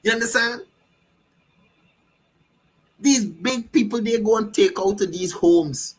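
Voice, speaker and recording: A man's voice: high voice, takes it slowly, pauses often, slightly rough, low-quality recording. A man with a Guyanese accent giving fiery, mocking political commentary. He keeps repeating himself and asking the listener if they understand.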